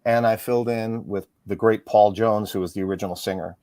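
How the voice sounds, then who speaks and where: A middle-aged man, a musician and author, chatting as an interview guest, rambling quickly through stories with lots of fillers. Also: on the low side, steady tone, warm tone, dry recording. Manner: fast, rambling storyteller with frequent fillers. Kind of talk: casual interview chat.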